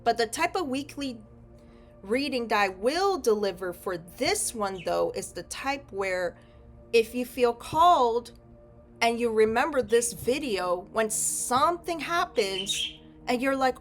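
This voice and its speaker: A woman's voice: a little high, lively intonation, a little slow, faint music behind. A young woman giving a casual tarot reading, rambling and correcting herself, often checking in with "okay?". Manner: chatty, rambling, frequent self-corrections and "okay?". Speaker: tarot reader.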